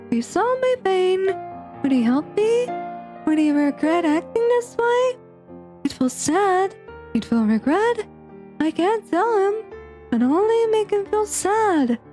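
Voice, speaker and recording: A woman voicing a despairing teenage girl from a visual novel, soft and slow, breaking into cries. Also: very high-pitched, sing-song, faint music behind, voice pushed up, heavily acted. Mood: sad, tearful. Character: despairing teenage girl, tearful and self-doubting. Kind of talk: reading a visual novel aloud.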